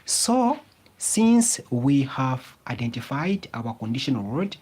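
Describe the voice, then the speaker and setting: Husky, lively-voiced male tutor. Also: medium pitch. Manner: repeats phrases and asks the class rhetorical fill-in questions; slow, emphatic explaining. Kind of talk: classroom grammar lesson.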